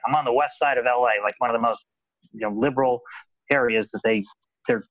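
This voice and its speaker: A man's voice: medium pitch, quick pace, fairly bright tone, no room sound, dull audio. A man in casual conversation, rambling and often repeating his words. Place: Los Angeles.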